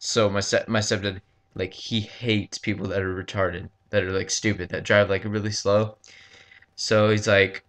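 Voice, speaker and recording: A man's voice: lowish voice, level tone, fairly bright tone. Rambling, um-filled young man telling a story. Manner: rambling, halting, full of ums and likes; casual swearing. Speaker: gaming commentator. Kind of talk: casual storytelling over gameplay.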